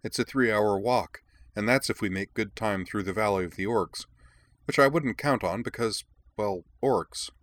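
A man's voice: on the low side, moderate pace, fairly bright tone, pitched above the performer's own voice, natural voice. A man voicing a young boy prince who speaks with urgent, put-on mature dignity. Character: earnest, self-serious boy prince.

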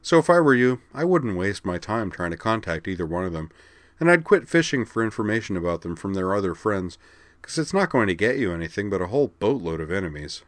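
A man's voice: lowish voice, sing-song, a little fast, dry recording. A man voicing a casual, easygoing teenage girl duelist who talks bluntly and teases a little, in a read-aloud story. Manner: casual, offhand, quietly teasing. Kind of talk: audiobook character reading.

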